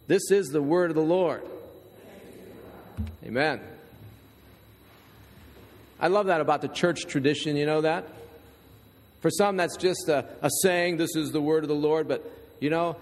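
A man's voice: a little high, normal speed, pauses often. A man preaching a sermon as pastor, reading scripture and telling stories with conversational asides to the congregation. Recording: long reverb in a large hall.

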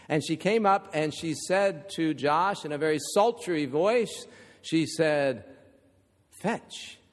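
A man preaching a sermon, telling a story with rhetorical questions and humorous asides. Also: a little high. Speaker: pastor. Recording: long reverb of a large hall.

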